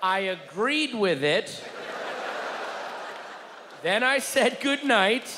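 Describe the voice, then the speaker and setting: A man doing stand-up storytelling on stage, animated, shouting out the crowd's yells. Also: high voice, very slow. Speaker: stand-up comedian. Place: comedy stage before a live audience. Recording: reverberant live venue with crowd noise.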